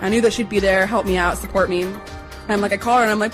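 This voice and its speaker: A young adult woman chattily telling a personal story to listeners, acting out the quotes in a higher voice. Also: steady tone, fairly quick, a bit bright, soft background music, rough recording.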